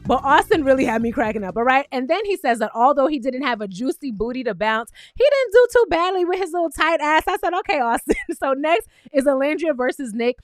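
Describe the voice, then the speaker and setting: A woman recapping a reality show in casual, animated commentary, full of laughter and sassy asides. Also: high-pitched, brisk, hardly any pauses, no echo, faint music behind.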